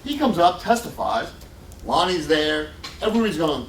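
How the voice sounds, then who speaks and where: A man's voice: fairly high pitch, normal speed, a little hiss or hum. A man telling his own story to an audience in a lecture room, emphatic and acting out the quotes. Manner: animated, emphatic, acts out quotes. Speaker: exonerated speaker at a college lecture. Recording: roomy hall sound from a distant mic.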